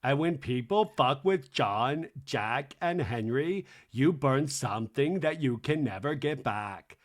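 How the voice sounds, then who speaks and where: A man's voice: mid-range voice, lively intonation, slow pace. A man hosting a podcast, giving a comedic, gossipy recap of a reality show and mimicking the cast's quotes. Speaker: podcast host.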